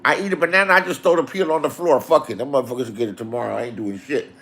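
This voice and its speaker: A man's voice: mid-range voice, lively intonation, racing. A man casually telling rambling, profane stories and acting out the people in them. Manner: crude, laughing, rambling, acts out quotes.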